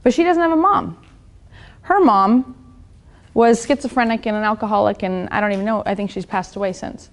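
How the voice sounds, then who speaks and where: A woman's voice: mid-range voice, fairly quick. A woman business coach giving a motivational seminar talk, blunt and profane, often checking in with the audience. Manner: blunt and profane, keeps asking the audience "right?".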